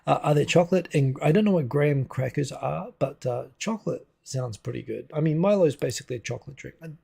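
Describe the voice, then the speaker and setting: A man's voice: on the high side, fast talker, vocal fry, dark tone, husky. A man from New Zealand hosting a casual livestream at home on a desk microphone, chatting loosely and answering viewer comments as they come in. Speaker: livestream host. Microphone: desk USB microphone.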